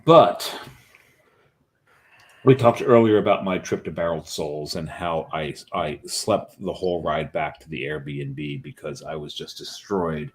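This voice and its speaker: A man's voice: very deep voice, unhurried. A man co-hosting a craft beer show, chatting casually and enthusiastically about beers, with emphatic repeats. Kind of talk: casual chat reviewing beers.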